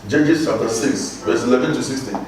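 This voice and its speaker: A man's voice: medium pitch, fairly quick. A man pastor preaching a sermon, exhorting the congregation and repeating lines for them to echo back while reading scripture aloud. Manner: reads scripture aloud and comments on it. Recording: echoey hall, distant mic, music behind.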